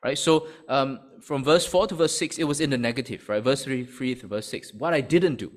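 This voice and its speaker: A man's voice: medium pitch, a little fast. A man preaching a sermon to his church, asking rhetorical questions and often checking in with "right?". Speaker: pastor.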